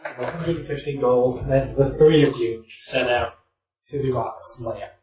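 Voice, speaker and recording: A man narrating as game master, describing scenes in a measured way. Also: mid-range voice, a little mellow. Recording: roomy, distant, lo-fi mic.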